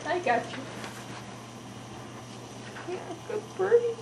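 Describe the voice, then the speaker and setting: A woman's voice: very high voice, very animated, slow, creaky, far from the mic. A woman coaxing her pet bird in sing-song baby talk at home. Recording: echoey room with background noise.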